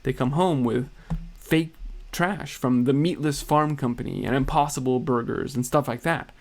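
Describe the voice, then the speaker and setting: A man's voice: medium pitch, normal speed. Man narrating pointed news commentary. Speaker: video narrator.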